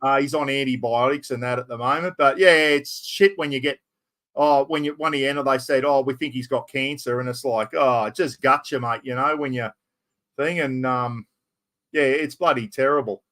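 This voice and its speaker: A man's voice: mid-range voice, steady tone, normal speed, fairly bright tone. A middle-aged Australian man hosting a casual live stream, rambling through stories and calling everyone "mate". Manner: rambling, storytelling, sprinkles "mate" and mild swearing. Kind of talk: casual chat.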